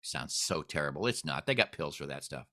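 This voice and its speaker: Bright-voiced man hosting a podcast. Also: a bass voice, brisk. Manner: storytelling, animated when quoting others. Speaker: podcast host. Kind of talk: casual interview chat.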